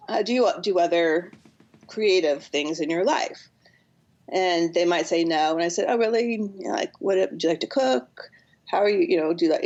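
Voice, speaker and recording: A woman with a low, gravelly voice talks through ideas in an earnest, explaining way. Now and then she acts out what people say to her. The sound is dull and lo-fi. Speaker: counselor and author guest. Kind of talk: podcast interview.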